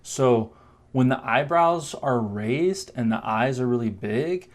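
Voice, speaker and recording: A man's voice: medium pitch, expressive. Man coaching on confidence in a casual tone. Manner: conversational, explains with quick demos and mock voices. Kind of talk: direct-to-camera coaching talk.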